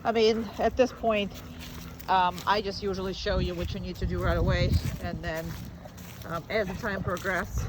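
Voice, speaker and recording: A woman dog trainer who gushes high sing-song praise at a dog and explains the training to its owner in a relaxed, chatty way with fillers. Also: normal speed, very noisy.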